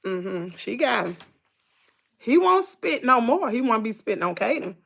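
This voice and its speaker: A middle-aged woman with a Southern US accent hosts a casual livestream and chats with her viewers in a folksy way. Her voice sits fairly high, bright and forward, with a gravelly edge. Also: sing-song, a little slow, slight background noise. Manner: chatty, folksy, reads out viewer comments. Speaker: livestream host.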